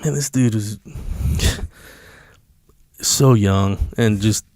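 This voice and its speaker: A man's voice: fairly low pitch, extremely slow, darkish tone, no echo, studio quality. A man, a podcast guest, telling a story in a casual, blunt and emphatic way, swearing freely.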